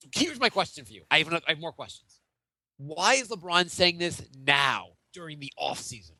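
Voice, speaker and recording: A man doing an overheated sports pundit, bright and sharp-toned, his voice swooping from high shock back down to grave emphasis. He stammers through sarcastic disbelief in a close, dry podcast recording. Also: expressive, normal speed, no room sound, exaggerated voice. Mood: outraged. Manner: theatrical outrage, stammering, sarcastic. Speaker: podcast host. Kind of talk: mock sports-show rant.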